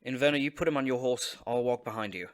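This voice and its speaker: A man playing a tabletop game, speaking casually and relaxed, with fillers. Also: mid-range voice, fast talker. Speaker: player.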